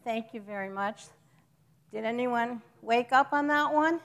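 A woman's voice: fairly high pitch, measured pace, fairly bright tone. A woman giving an informal church teaching to a congregation, chatty and joking with them, stopping to correct herself.

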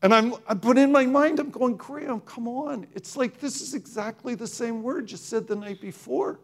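A man giving an emotional personal testimony, halting and full of restarts as he recalls the moment. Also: very high-pitched. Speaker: speaker sharing a testimony.

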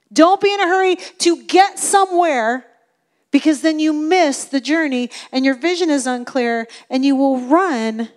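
A middle-aged woman delivers a sermon with a high voice and an unhurried pace. She preaches in an earnest, emphatic way and leans on repeated phrases for stress.

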